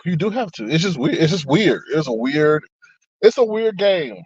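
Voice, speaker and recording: A man's voice: fairly high pitch, expressive, moderate pace, darkish tone, slightly rough, no room sound, dull audio. A man in casual chat on a live stream, reading viewer comments aloud and talking back to them. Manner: chatty, reads comments aloud, frequent laughs and asides.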